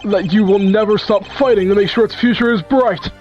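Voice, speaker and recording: A woman's voice: medium pitch, a little mellow, muffled recording, soft background music, close to an everyday voice. A woman doing a kindly old male judge. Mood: solemn. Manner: formal, measured courtroom delivery. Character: kindly elderly male judge, formal and rambling.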